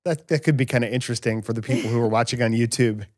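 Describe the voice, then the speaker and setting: A man hosting a casual family podcast, telling stories in an animated, self-mocking way. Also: mid-range voice, very fast. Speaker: podcast host. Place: home podcast studio.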